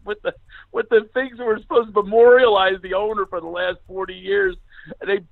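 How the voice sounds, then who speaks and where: A man's voice: sits high, brisk, vocal fry, no echo, phone-quality sound. A middle-aged man from Philadelphia, a comedian telling funny stories in a chat and acting out the voices in them. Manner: animated, laughs often, acts out voices in his stories. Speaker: comedian guest.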